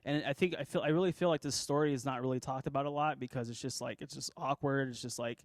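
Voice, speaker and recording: Emotional young man giving a halting testimony. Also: medium pitch, fairly even intonation, dry recording. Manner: halting, many fillers, choked up, apologetic. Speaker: church speaker, drummer. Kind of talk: emotional personal testimony and sermon.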